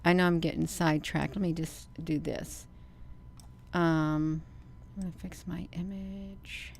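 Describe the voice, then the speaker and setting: An unhurried, gravelly, low-voiced woman hosts her channel, offering loose live commentary over camera footage, with a little hiss or hum in the recording. She's animated, repeatedly calls out to "you all," and insists in emphatic bursts that viewers look where she points.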